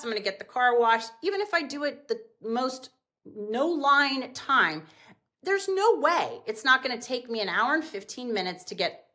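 Animated high-voiced businesswoman telling stories. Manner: animated, acts out quotes with big pitch jumps. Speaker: podcast guest, business owner. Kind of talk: casual storytelling in an interview.

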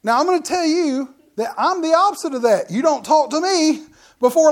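A man's voice: very high voice, animated, moderate pace. Folksy joking middle-aged preacher man. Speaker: pastor. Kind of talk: sermon.

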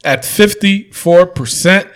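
Male podcast host, casual and jokey, slightly raised pitch. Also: slow pace, a bit bright. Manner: laid-back, joking, swears casually. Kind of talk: casual wrestling podcast chat.

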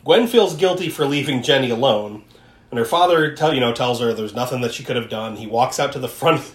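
A podcast co-host in a casual film recap chat, animated, laughing often and swearing while acting out quotes. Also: mid-range voice, a little fast. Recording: echoey room.

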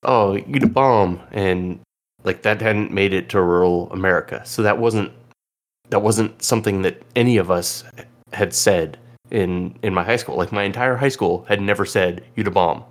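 A man's voice: deep voice, steady tone, normal speed. A man from Illinois hosting a podcast, chatting casually and rambling with lots of fillers. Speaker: podcast host. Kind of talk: casual chat.

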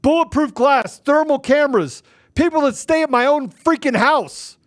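An agitated man, a guest on a talk show, ranting angrily and forcefully, often repeating himself. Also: very high voice, expressive, moderate pace. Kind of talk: heated political rant.

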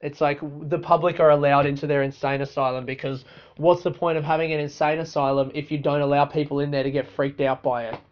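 A man's voice: fairly high pitch, level tone, quick pace, clear, resonant tone. A man, a comedian, ranting casually and profanely with lots of filler words. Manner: profane, rambling rant with many fillers. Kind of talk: casual monologue. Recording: dull lo-fi recording.

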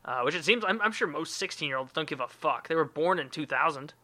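A man's voice: on the high side, animated, fast, bright, forceful tone. A man hosting a casual podcast, reading out listener questions and wandering into loose, profane asides. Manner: loose and profane, rambling asides, hums filler syllables. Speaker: podcast host.

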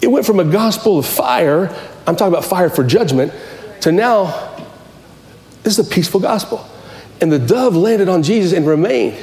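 A man's voice: sits high, expressive, normal speed, darkish tone, roomy sound. A man preaching a sermon as pastor, impassioned and repetitive, often restarting his phrases.

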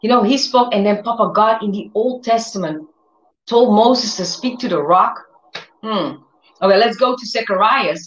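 A woman giving an informal sermon, telling lively stories and acting out what people say in other voices. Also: medium pitch, normal speed. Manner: animated storyteller who acts out quotes in other voices. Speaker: preacher. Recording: roomy, dull lo-fi sound.

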